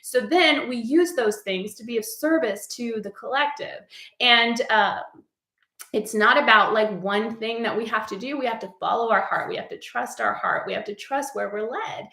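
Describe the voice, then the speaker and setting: In an echoey room, a spiritual coach delivers an earnest, casual message from the heart, sprinkling in "like" often. Her voice is a little high, bright and creaky, moving at a moderate pace with a forceful tone.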